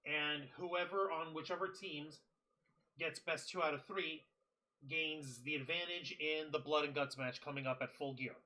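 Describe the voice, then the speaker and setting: High bright-voiced incredulous man. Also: steady tone. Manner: incredulous, profane, quick questions. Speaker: podcast co-host. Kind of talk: casual wrestling review chat.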